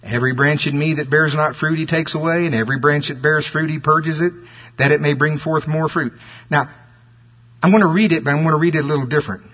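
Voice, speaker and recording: A man preaching a sermon, reading scripture slowly and stressing key words, turning animated when he makes a point, from a dull old sermon tape. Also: a little high.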